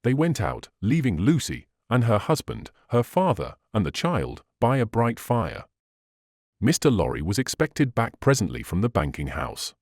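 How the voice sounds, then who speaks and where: Casting: male audiobook narrator, low-pitched, very lively reading, dry close sound. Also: moderate pace, breathy edge, no echo. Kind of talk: classic novel reading.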